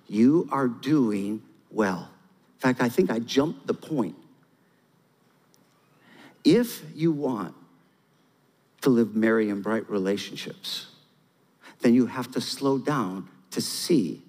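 A man preaching to his church, talking easily and then pressing his points hard. His voice rings out with a long reverb from the hall around him. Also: on the high side. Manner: conversational preaching, rising to emphatic. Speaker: pastor. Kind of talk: sermon.

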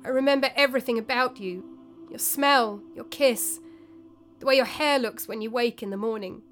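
A woman's voice: a little high, normal speed, fairly bright tone, faint music behind, pitched above the performer's own voice, natural voice. A woman voicing an anguished, stubborn young male warrior whose voice cracks with grief.

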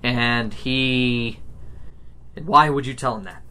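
A man narrating a tabletop game as game master, lively and laughing often as he voices the characters. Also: medium pitch, slow pace, clear, resonant tone. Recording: faint background noise.

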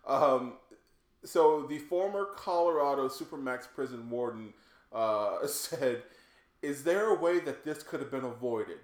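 A man's voice: medium pitch, expressive, unhurried. A man co-hosting a casual chat, swearing freely and spinning speculative theories. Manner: speculative, reads out news quotes, swears casually. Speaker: podcast co-host. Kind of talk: casual banter. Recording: echoey room.

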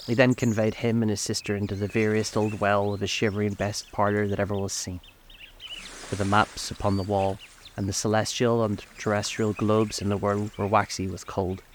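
A man narrating a classic novel aloud in a steady, even storytelling manner. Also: lowish voice, moderate pace, a little hiss or hum.

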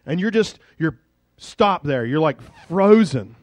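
Male pastor, casual storytelling sermon, fairly high pitch, dry close sound. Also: takes it slowly, no echo. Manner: lively casual storytelling, conversational.

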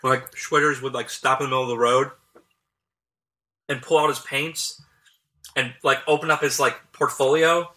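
A man in casual conversation, reacting quickly with playful asides. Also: mid-range voice, fairly even intonation, sharp tone.

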